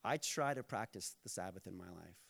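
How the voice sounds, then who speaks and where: A man's voice: deep voice, expressive, fairly quick, vocal fry, fairly bright tone, breathy edge. A man preaching a sermon as a pastor, conversational and playful, and earnest in places.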